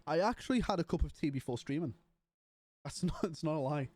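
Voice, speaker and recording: A man's voice: on the high side, lively intonation, fairly quick, darkish tone. A young British man chatting casually and a bit scatterbrained to his live-stream chat. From Britain.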